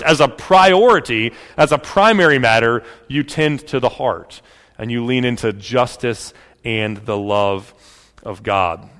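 A man preaching a sermon as pastor, in a casual, animated way with many fillers. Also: on the high side, in a large hall.

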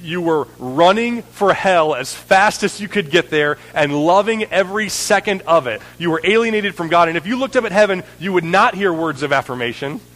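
A man's voice: high voice, expressive, normal speed, hardly any pauses, a bit bright, big-room sound, poor audio. A man preaching a sermon in an earnest way, building in intensity and often checking in with "right?".

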